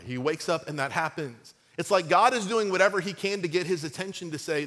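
High-voiced man preaching a casual sermon. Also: fairly quick, hardly any pauses. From United States. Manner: casual, animated retelling with playful asides and acted-out quotes. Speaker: pastor.

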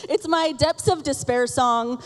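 A woman's voice: sits high, unhurried. A woman in her thirties preaching a sermon from a church stage, telling candid and self-deprecating stories about her children and laughing often. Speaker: pastor. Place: church auditorium. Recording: reverberant sanctuary sound.

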